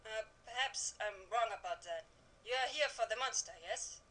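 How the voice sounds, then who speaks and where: A woman's voice: a little high, normal speed, pushed and bright, low-quality recording. A woman voicing an old female storyteller in a video game, with a put-on German accent and a theatrical, mysterious manner. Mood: ominous. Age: older. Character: old female storyteller, ominous and food-loving. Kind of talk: video game character acting.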